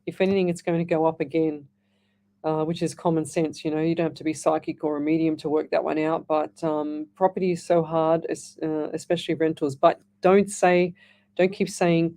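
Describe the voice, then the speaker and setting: A woman's voice: low-pitched, little pitch movement, normal speed, a little mellow. A middle-aged woman hosting live radio psychic readings, chatting in a rambling way with frequent restarts. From Australia. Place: radio studio.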